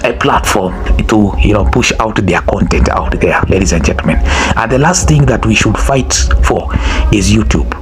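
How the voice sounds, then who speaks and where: Speaking to his YouTube audience, a man with a Kenyan English accent gives a casual, preachy monologue to camera, repeating phrases and asking "huh?" again and again. His voice is lowish with lively intonation and a moderate pace, and there's background noise.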